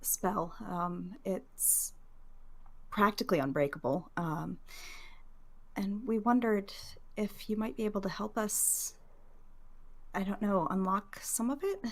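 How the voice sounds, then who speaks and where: A woman's voice: medium pitch, slow, pauses often. A woman player in a tabletop game, speaking politely and hesitantly. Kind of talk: tabletop role-play, in character.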